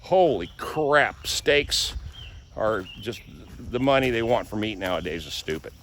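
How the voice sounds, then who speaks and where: A man's voice: on the low side, expressive, unhurried, a bit bright, slight background noise. A man vlogging casually, walking through his garden and telling folksy stories. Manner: folksy storyteller. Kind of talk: casual vlog walk-through. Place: rural garden outdoors.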